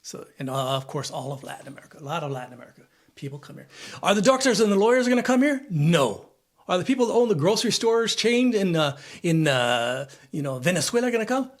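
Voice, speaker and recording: A man's voice: sits high, very animated, quick pace. A man in his seventies giving a rambling, repetitive opinion monologue, listing things and asking himself questions. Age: 70s. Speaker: vlogger. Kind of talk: casual spoken opinion monologue.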